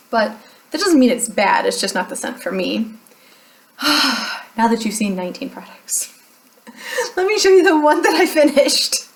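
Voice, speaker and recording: A young adult woman talking casually as a beauty vlogger, chatty and self-deprecating, laughing often. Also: medium pitch. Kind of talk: casual chat.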